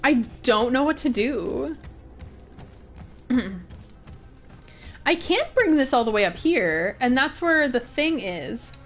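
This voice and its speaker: A woman's voice: high-pitched, big pitch swings, slow pace, pauses often, soft background music. Chatty woman streaming a game. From northern United States. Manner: chatty, laughing, thinking aloud while puzzled. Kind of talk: casual gameplay commentary.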